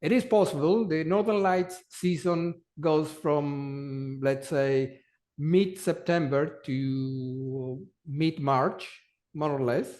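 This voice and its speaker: A guest from a polar travel company answers interview questions in a fairly high male voice with a darkish tone. He speaks slowly and haltingly, frequently repeating words while hunting for his next phrase, his intonation staying fairly even.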